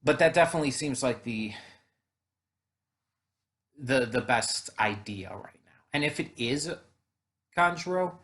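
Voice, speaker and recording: A man's voice: mid-range voice, animated, measured pace, long pauses, fairly bright tone. A man hosting an anime reaction video, chatting casually with frequent fillers and restarts.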